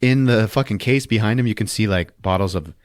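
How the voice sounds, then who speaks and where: A man's voice: fairly low pitch, a little fast, dry recording, studio quality. A man hosting a podcast, recapping a movie in a casual, profane, laughing storytelling style. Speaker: podcast host.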